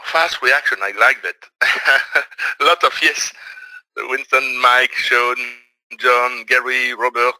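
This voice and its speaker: Middle-aged belgian-accented man, hesitant webinar presenter, bright tone, dry sound. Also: mid-range voice, no echo, rough recording. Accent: Belgian French. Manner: hesitant, many fillers. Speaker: trading presenter.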